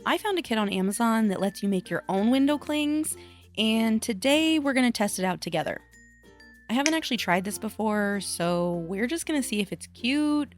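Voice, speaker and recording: Chatty woman crafter, faint music behind. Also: fairly high pitch. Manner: chatty and self-deprecating, musing aloud. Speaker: craft vlogger. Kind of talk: casual voice-over vlog.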